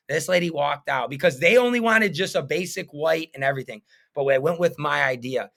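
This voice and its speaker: A man's voice: a little high, expressive, a little fast, vocal fry, bright, forceful tone. A man in his thirties, a painting business owner, talking as a podcast guest in an earnest, rambling way full of fillers. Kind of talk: casual interview chat.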